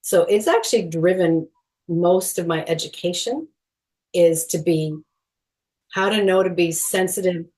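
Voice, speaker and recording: A middle-aged woman with a lowish voice gives a podcast interview as a guest. She talks earnestly and with animation, laughing lightly between thoughts, and often pauses on fillers. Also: a little mellow. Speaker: guest, movement educator.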